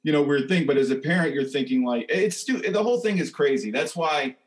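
A man's voice: on the high side, lively intonation, brisk, poor audio. A man as a guest author on a podcast, rambling and restarting his sentences. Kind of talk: casual interview chat.

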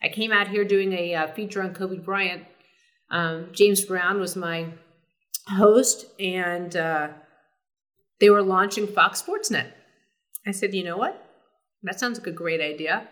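Animated middle-aged woman telling stories. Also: lowish voice, a little slow, pauses often. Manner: animated, many fillers and restarts. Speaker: sportscaster guest. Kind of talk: casual storytelling interview.

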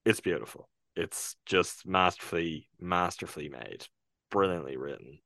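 A man's voice: low-pitched, expressive, normal speed, gravelly, bright, forceful tone, no echo, clean studio sound. A man with an Irish accent, co-hosting a casual film review podcast and retelling a film with earnest, thoughtful hesitations. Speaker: podcast co-host reviewing films.

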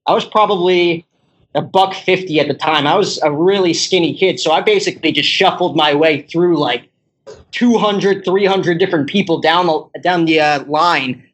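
A young man rambles through a story in casual chat, his speech peppered with "like". His voice sits a little high, and he laughs as he talks. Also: moderate pace, fairly bright tone, a little hiss or hum, poor audio. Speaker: podcast guest.

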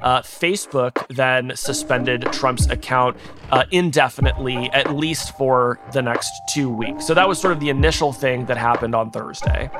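A man, a tech journalist, explaining events in a measured way as an interview guest. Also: medium pitch, over music.

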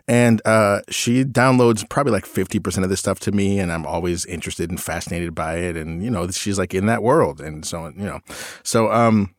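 A middle-aged man with a low voice tells a story on his podcast in a loose, self-mocking way, often laughing at himself. The sound is dry and close. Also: normal speed, no echo. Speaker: podcast co-host. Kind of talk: casual storytelling chat.

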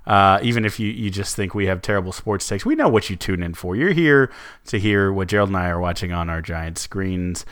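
A man's voice: sits low, lively intonation, a little fast, fairly bright tone, clear, resonant tone. A man co-hosting a casual sports podcast, rambling with many restarts and fillers. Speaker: co-host.

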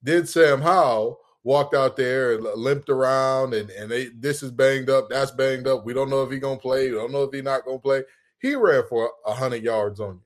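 A man co-hosting a sports podcast in loose, casual chat. He talks in an animated, jokey way and trash-talks freely. His voice sits in a middle pitch. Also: moderate pace. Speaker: podcast co-host.

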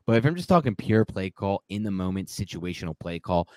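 With a low, warm voice and big pitch swings, this co-host talks a little fast as he breaks down a game in casual sports podcast chat. He rambles, corrects himself, and laughs at his slips, with no room sound audible.

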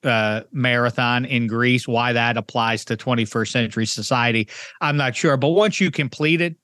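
A man's voice: medium pitch, moderate pace, fairly bright tone, dry recording, studio quality. A man co-hosting a sports podcast, wry and pedantic, with sardonic asides. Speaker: podcast co-host. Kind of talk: casual sports podcast chat.

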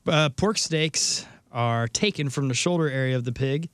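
A man co-hosts a radio show and gives information in a plain, matter-of-fact way. His voice is smooth and clear, and the recording is dry and close. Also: medium pitch, normal speed, fairly bright tone, no room sound. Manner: matter-of-fact, reads facts out. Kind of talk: casual chat.

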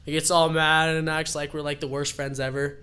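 A man's voice: fairly high pitch, fairly quick, smooth. A young man telling a rambling, laughing personal story at a live storytelling event. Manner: rambling, laughing, animated retelling.

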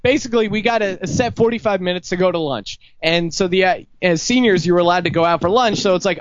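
High-voiced man telling jokey stories. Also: fairly quick, hardly any pauses, no echo, muffled recording. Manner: jokey, self-mocking storyteller. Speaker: podcast host. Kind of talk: casual bar chat among friends. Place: pub.

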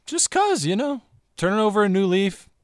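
A man's voice: high-pitched, big pitch swings, moderate pace, dry recording, clean studio sound. A man on a sports show's staff, taking ribbing about his haircut with good humor. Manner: good-humored, defends himself plainly. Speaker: show staffer. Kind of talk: casual studio banter.

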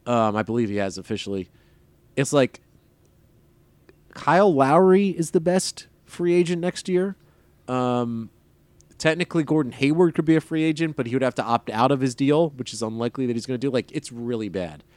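A man's voice: medium pitch, expressive, moderate pace, a little mellow, dry recording. Rambling male sports podcast co-host. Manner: rambling, filler-heavy, wry. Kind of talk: casual sports chat.

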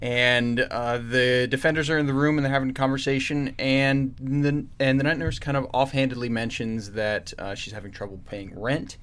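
Man, co-host, casual chat, steady summary, mid-range voice. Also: medium pitch, moderate pace, few pauses, clean tone. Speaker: podcast co-host. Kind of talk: casual chat reviewing comics.

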